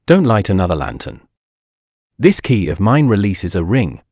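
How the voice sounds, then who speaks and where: An uneasy, scheming old ex-king speaks in hushed tones, as a male narrator voices him. The pitch moves a lot. The sound is dry and close. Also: big pitch swings, normal speed, no echo.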